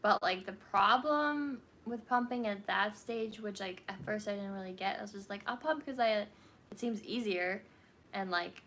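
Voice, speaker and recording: A woman's voice: mid-range voice, moderate pace, a bit bright, slight background noise. A woman guest talking casually about her early days as a new mother, rambling with lots of "like". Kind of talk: casual chat.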